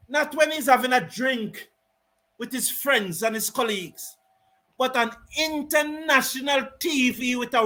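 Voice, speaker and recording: High bright indignant male cricket commentator. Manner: indignant, repetitive, emphatic, sometimes shouting. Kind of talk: live fan commentary and rant.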